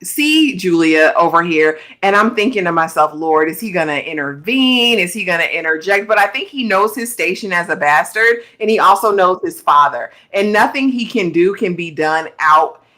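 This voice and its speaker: A woman co-hosting a TV review show in casual chat, animated and exclamatory. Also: lowish voice, normal speed, hardly any pauses. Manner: animated and exclamatory, acts out characters' lines.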